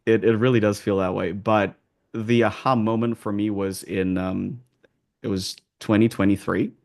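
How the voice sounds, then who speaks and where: A man speaks in a low, gravelly voice as an accent coach being interviewed. He rambles through his answers, restarting phrases and leaning on fillers. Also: fairly even intonation, measured pace, pauses often, darkish tone.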